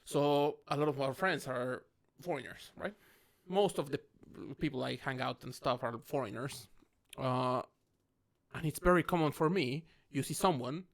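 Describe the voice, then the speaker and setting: A man's voice: mid-range voice, normal speed, vocal fry. A man from Mexico chatting casually on a podcast, calling his friend "mate" and restarting his sentences often. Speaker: podcast co-host. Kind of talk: casual chat over drinks.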